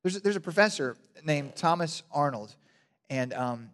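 Guy preaching loose and jokey, kinda high voice, big echoey hall. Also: moderate pace. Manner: casual, animated preaching with joking asides and frequent restarts. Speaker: pastor. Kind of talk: sermon. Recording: long hall reverb.

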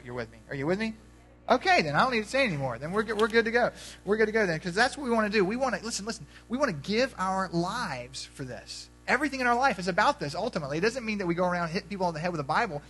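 A male pastor preaches in a loose, conversational way, breaking into stories and asking his congregation questions. He talks quickly in a slightly raised pitch. Faint music plays underneath. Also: fairly bright tone, low-quality recording. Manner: conversational, storytelling, addresses the congregation directly. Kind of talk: sermon.

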